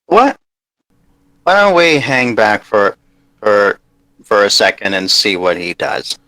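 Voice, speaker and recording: A man's voice: fairly low pitch, sing-song, slow pace, sharp tone, no echo, poor audio. A man playing a tabletop game, speaking cautiously and often stumbling over his words. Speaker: player.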